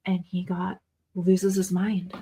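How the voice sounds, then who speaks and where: A woman's voice: lowish voice, completely flat delivery, slow pace, warm tone, husky. A young adult woman hosting a podcast, telling a story in casual chat and acting out her kids' voices. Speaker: podcast host.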